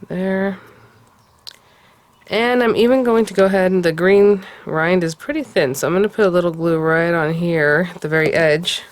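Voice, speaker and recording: A woman hosting a card-making tutorial, talking casually and often cooing softly over how cute the pieces are. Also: fairly low pitch, moderate pace. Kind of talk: casual crafting tutorial talk.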